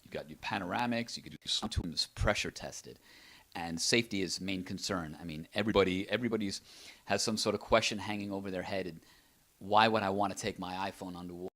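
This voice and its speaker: A man with a low, deep voice describes his invention in a relaxed interview. He talks with enthusiasm, rambling and restarting his sentences. The conversation was recorded in an apartment. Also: quick pace. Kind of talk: casual product interview.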